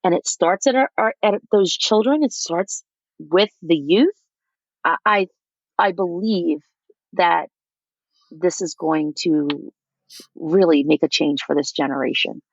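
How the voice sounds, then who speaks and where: A woman's voice: lowish voice, a little slow, vocal fry, long pauses, dry recording, dull audio. A woman founder telling stories in a casual interview, animatedly acting out what other people said. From United States. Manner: animated, acts out quotes of others. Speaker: micro school founder, guest.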